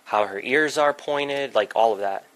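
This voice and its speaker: A man's voice: medium pitch, a little slow, a bit bright, poor audio. A man hosting a casual livestream from a home music setup, chatting and scolding his pets in an exasperated way.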